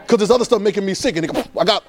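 A man preaching an informal, conversational sermon, repeating phrases and swinging between loud and soft. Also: high voice, very fast.

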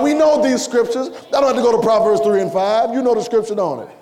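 Male preacher, high voice, repeats lines, builds to shouts, church sermon. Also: a little fast, few pauses, noisy background. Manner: call-and-response preaching, repeating phrases, rising to shouts. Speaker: pastor. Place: church sanctuary.

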